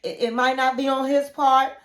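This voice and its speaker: A woman's voice: high-pitched, little pitch movement, moderate pace, roomy sound. A woman hosting a casual, opinionated reality TV recap, talking chattily and acting out the quotes. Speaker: YouTube recap host.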